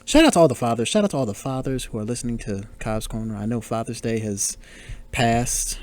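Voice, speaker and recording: A man's mid-range voice, recorded dry, comes from a podcast host giving casual movie commentary. As the film plays, he exclaims, reacts aloud, and makes jokes at the characters.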